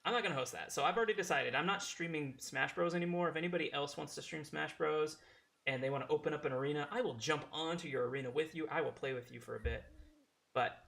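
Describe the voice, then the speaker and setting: A man's voice: a little high, fast, creaky, a bit bright. A man streaming a game and chatting casually with his audience, reading chat aloud and laughing often. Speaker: language teacher.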